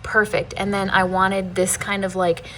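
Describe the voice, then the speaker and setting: A chatty woman narrates her home renovation in a relaxed vlog, laughing often and thinking aloud. Her voice sits at an ordinary middle pitch. A faint hiss runs under her talk. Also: moderate pace. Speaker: homestead vlogger. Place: inside a house being renovated.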